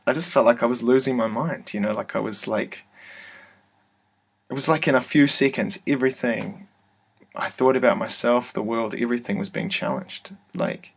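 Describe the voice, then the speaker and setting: A man telling a personal story to his webcam in an office, hesitant and soft-spoken, full of fillers and restarts. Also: medium pitch, creaky, husky. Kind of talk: casual first-person testimony. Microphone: computer webcam mic.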